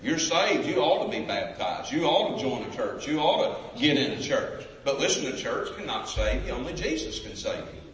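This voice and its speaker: Emphatic preacher in an echoey hall. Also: male voice, mid-range voice, very animated, normal speed, hardly any pauses, fairly bright tone, far from the mic. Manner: emphatic, calls out to the crowd for responses. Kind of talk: evangelistic sermon. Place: large church sanctuary.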